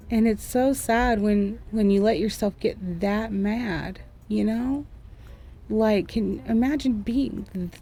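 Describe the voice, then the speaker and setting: A young woman talks slowly and candidly in a casual art vlog, rambling through her frustrations in a mellow, warm voice. Her pitch sits in a middle range, and faint music plays underneath. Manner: frank, rambling, frustrated venting. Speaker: art vlogger and former school teacher. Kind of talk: candid casual chat over drawing. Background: faint background music.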